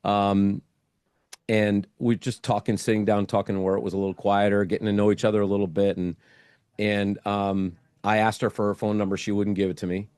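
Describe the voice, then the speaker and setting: A man's voice: lowish voice, level tone, fairly quick, darkish tone, smooth, no echo, clean studio sound. A middle-aged man, a guest in an interview, telling a casual story and acting out his own thoughts as he goes.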